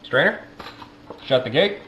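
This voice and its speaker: A man's voice: mid-range voice, expressive, measured pace. Man explaining a drink recipe step by step; echoey, muffled room with faint hiss. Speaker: cocktail maker. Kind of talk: casual instructional demo. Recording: roomy, muffled, faint background noise.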